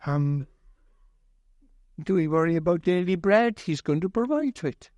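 A man preaching a sermon slowly and deliberately, telling a gentle humorous story along the way. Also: fairly high pitch, expressive, no room sound, studio quality.

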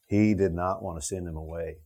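This preacher has a deep, mellow, husky voice with fairly even intonation and speaks a little fast. He gives an expository Bible sermon in a conversational way, thinking aloud with his listeners.

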